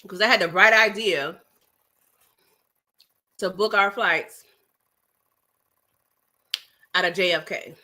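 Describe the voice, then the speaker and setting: A bright-voiced woman from New York City hosts a casual live stream, speaking at medium pitch and a little slowly. She reads viewer chat in a chatty, animated way, laughing often, making asides to the audience and snacking as she talks.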